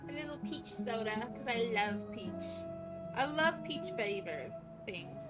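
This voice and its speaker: Giggly, high-voiced young woman streamer. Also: animated, a little slow, over loud music. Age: 20s. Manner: playful, giggly, mock-defensive banter. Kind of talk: casual live game stream.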